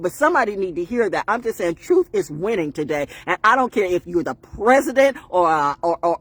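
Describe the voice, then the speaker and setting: A woman's voice: on the low side, slightly rough. A woman talking on a live stream in a rambling, preachy monologue, riffing with laughs and bursts of song.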